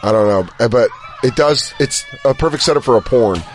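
A man's voice: mid-range voice, fairly quick. A man co-hosting a podcast, joking crudely and mocking along with his friends. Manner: animated, mocking, breaks into goofy voices. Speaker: podcast co-host. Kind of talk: crude comedic banter.

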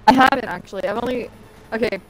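A woman's voice: a little high, quick pace, fairly bright tone, soft background music, low-quality recording. A young adult woman streaming a game, chatting casually in a giggly, rambling way and swearing freely. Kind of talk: casual gaming chat.

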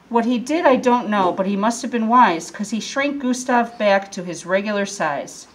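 A teacher reading a rhyming storybook to children, with an expressive, lilting delivery. Her voice sits a little on the high side for a woman. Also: rough recording. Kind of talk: storybook read-aloud.

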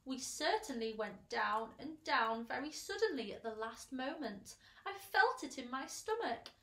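A woman's voice: sits high, sing-song, a little slow, pushed and bright, echoey room, exaggerated voice. A woman voicing a gloomy, complaining male earthworm in a storybook reading.

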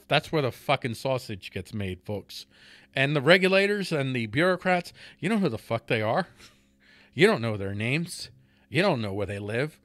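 A man's voice: mid-range voice, sharp tone, no echo. A man hosting a podcast, delivering a profane political rant in a heated way, stumbling over and repeating words and laughing between points. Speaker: podcast host.

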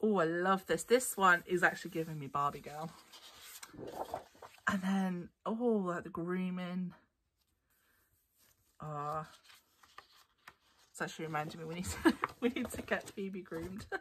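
A woman's voice: on the low side, a little slow, pauses often, fairly bright tone, a little hiss or hum. A woman chatting casually through a craft haul, bubbly and giggly, her voice a little tired. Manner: bubbly and giggly, gushing over papers. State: voice getting tired. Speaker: craft vlogger.

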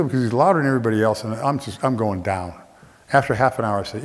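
A quick-paced man with a mid-range voice performs a comic story about his own experiences on stage, lively and mimicking the voices of those in it. Long theater reverb trails his words.

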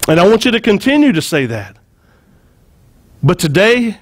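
A man preaching a sermon, retelling a story with lively acted-out quotes and frequent repeated words. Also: sits high, moderate pace, pauses often. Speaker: pastor.

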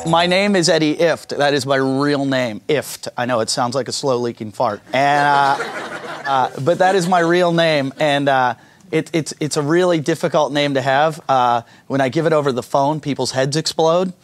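A man doing a stand-up comedy set, animated and self-mocking, with punchy delivery. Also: fairly high pitch, moderate pace, slight background noise. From Pittsburgh. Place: comedy club stage.

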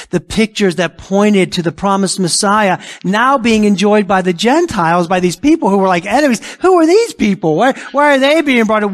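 A male pastor preaching a sermon emphatically, asking rhetorical questions and acting out imagined objections. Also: high voice. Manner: acts out imagined objections in a raised voice.

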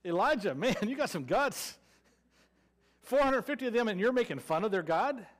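A man's voice: sits high, expressive, moderate pace. A man with a Southern American accent preaching a sermon, telling a story with playful sarcasm and acting out the people in it. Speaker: pastor.

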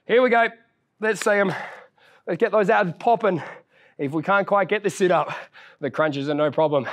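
Here a young man with a high voice runs a follow-along workout at a moderate pace, growing breathless as he exercises too. As the fitness trainer, he cheers people on, counts reps down, and keeps up casual banter.

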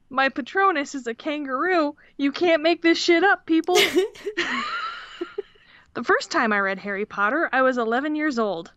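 Brief: fairly high woman's voice, casual podcast co-host who laughs and swears, dry dull lo-fi sound. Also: a bit bright, no room sound. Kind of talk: casual chat, reading a listener story. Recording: dull, slightly lo-fi audio.

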